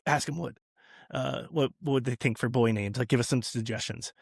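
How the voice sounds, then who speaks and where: Male podcast guest, casual storyteller, loose and rambling, mid-pitched, dry recording. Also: brisk, vocal fry, breathy edge, no room sound. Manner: rambling storyteller, many restarts and fillers.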